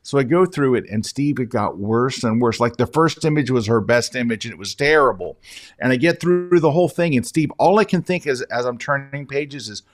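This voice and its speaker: A man of mid-range pitch speaks as a guest in a relaxed interview. He tells his stories with animation and keeps turning to the host by name. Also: fairly quick. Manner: animated anecdote-telling, addressing the host by name. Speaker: guest photography educator. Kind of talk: casual interview storytelling.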